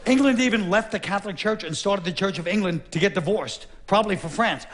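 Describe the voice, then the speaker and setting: Wry, high-voiced man doing stand-up. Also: brisk, hardly any pauses, a bit bright, slight background noise. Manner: wry, sardonic, conversational. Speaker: stand-up comedian. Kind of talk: stand-up comedy routine. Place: stage before a laughing audience.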